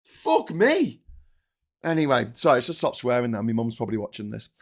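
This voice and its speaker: A man's voice: medium pitch, rapid-fire, vocal fry. A man with a Liverpool accent hosting a live political stream, ranting angrily with heavy swearing and rhetorical questions. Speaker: political commentary host.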